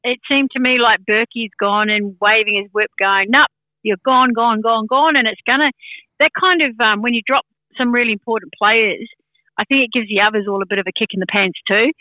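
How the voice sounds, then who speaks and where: Casual woman pundit talking footy, lots of ums, bright tone, dry mic. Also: mid-range voice, fairly quick, no room sound, muffled recording. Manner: chatty, laughs often, many fillers. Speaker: football pundit. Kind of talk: casual sports chat.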